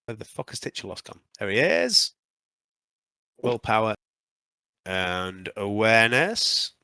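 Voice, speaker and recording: Male game master, bright voice with a lively, swooping delivery, dry close mic. Casts the scene and calls for rolls. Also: lowish voice, smooth, no echo. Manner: lively narration with frequent "um" pauses. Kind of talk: narrating a tabletop game.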